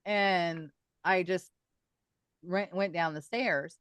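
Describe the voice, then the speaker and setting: A middle-aged woman, a guest on a podcast, telling her own paranormal stories in a lively, chatty way and laughing often. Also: lowish voice, slow, clean tone, dry recording. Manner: animated storyteller, laughs often. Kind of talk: casual podcast storytelling.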